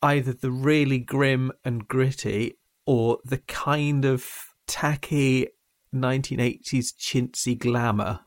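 A man's voice: mid-range voice, fairly even intonation, takes it slowly. Man podcast host, mid-range voice, thoughtful, dry asides. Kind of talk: casual chat about a TV series.

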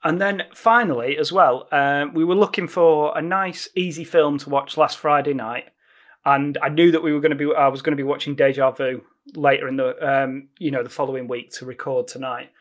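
Man, forties, chatty film podcast co-host, slightly higher voice, laughs easily. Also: fairly even intonation, a little fast. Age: over 35. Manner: enthusiastic, chatty, laughs often. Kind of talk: casual film review chat.

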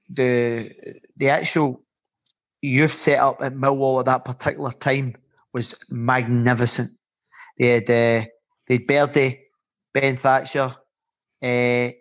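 A middle-aged man, a former footballer turned coach, telling swearing, animated stories with laughter on a podcast. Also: medium pitch. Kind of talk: podcast storytelling.

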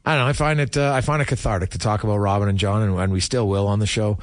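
A man's voice: lowish voice, fairly even intonation, very fast, no echo, clean studio sound. A middle-aged man hosting a sports radio show, talking casually and candidly with plenty of fillers and restarts.

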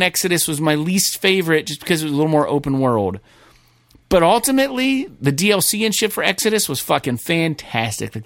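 Animated podcast co-host, a man with a slightly high voice, swears freely. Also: no echo, studio quality. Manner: profane, excitable, rambling. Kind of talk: casual gaming chat.

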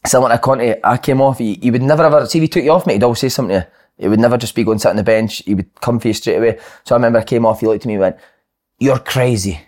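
Fast-talking scottish ex-footballer. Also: male voice, mid-range voice. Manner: animated storyteller, swears freely. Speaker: podcast host and former footballer. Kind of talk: casual football podcast chat.

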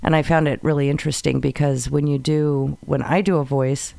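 A man's voice: a little high, steady tone, fairly quick, gravelly, mellow, no room sound. A man co-hosting a podcast, chatting casually and laughing often. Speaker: podcast co-host. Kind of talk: casual chat.

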